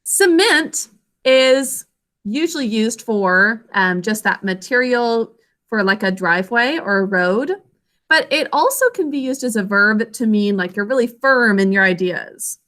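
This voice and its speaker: A young woman teacher leading an online spelling lesson over a video call, clear and encouraging. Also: on the high side, expressive, measured pace, fairly bright tone.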